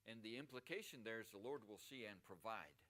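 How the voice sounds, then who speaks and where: Emphatic preacher with a bright, lower voice. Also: male voice, animated, a little fast. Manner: emphatic, rhetorical questions to the congregation. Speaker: pastor. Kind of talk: sermon. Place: church service.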